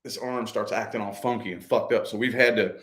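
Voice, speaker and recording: A man's voice: fairly low pitch, fairly even intonation, brisk, a bit bright. A man chatting casually as a vlog co-host, telling a personal story in a loose, profane way and repeating his phrases as he goes.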